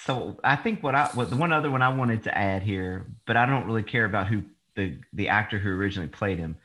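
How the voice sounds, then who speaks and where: A man's voice: fairly low pitch, fast, sharp tone. A man co-hosting a podcast, chatting casually with offhand wisecracks. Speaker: podcast co-host. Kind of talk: casual chat.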